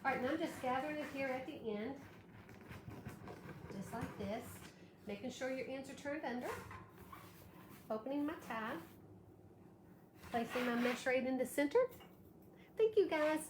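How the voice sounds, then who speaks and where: Hosting a craft livestream, a tired woman demonstrates her work and thanks viewers by name, her high voice moving at a normal speed with long pauses. Allergies are bothering her. The recording picks up room echo and a faint hum of background noise.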